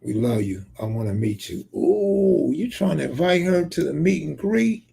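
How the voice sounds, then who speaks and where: Brief: gravel-voiced male streamer, dark husky tone, joking, swears freely. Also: on the high side, animated, moderate pace. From California. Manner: reads viewer comments aloud and banters back, profane and joking. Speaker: live streamer reading chat. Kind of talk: casual live-stream chat.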